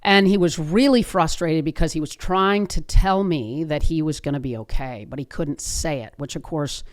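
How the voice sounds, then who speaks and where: A woman's voice: low voice, moderate pace. Woman, fifties, podcast host, earnest, chatty, restarts her sentences, personal story. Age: 50s. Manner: earnest, conversational, frequent restarts.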